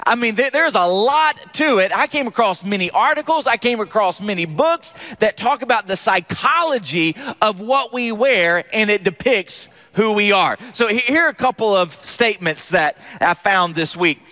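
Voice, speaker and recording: A man preaching a sermon as pastor, animated and joking with the congregation in church. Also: high-pitched, moderate pace, few pauses.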